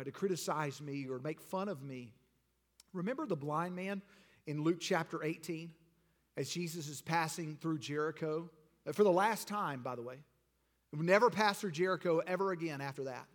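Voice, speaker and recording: Male pastor, high voice, preaching sermon with rising emphatic bursts. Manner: preaching with rising, shouted emphasis and rhetorical questions.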